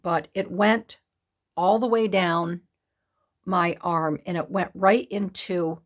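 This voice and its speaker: A woman in her sixties chatting to camera as a craft vlogger, halting and upset, with many pauses and restarts. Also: fairly low pitch, steady tone. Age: 60s. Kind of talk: casual chat to camera.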